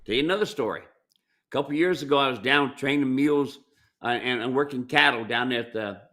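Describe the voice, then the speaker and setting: A mule trainer talks through viewer questions in a plainspoken, folksy way, often drifting into stories from working cattle. His voice is bright and a bit tense, with ordinary pitch for a man. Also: fairly quick. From United States. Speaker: mule trainer and ranch owner. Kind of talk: casual Q&A advice talk. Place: ranch.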